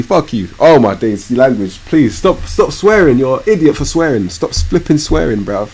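A young man giving live commentary on a football management game, swinging from low muttering to loud yelling and swearing often. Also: big pitch swings, moderate pace, slightly rough. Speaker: streamer.

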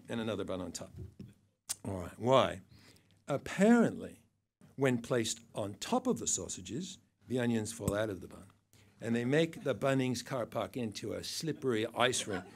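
A man's voice: medium pitch, sing-song, normal speed, creaky, slight background noise. An older man giving a satirical awards speech to an event audience, dry and mocking, with wry asides. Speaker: awards presenter.

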